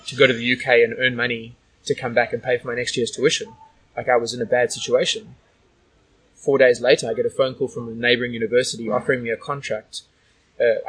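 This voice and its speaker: A man's voice: medium pitch, a bit bright, husky, rough recording. A man from Australia telling stories as a guest in a casual interview, rambling with lots of "like" and "you know".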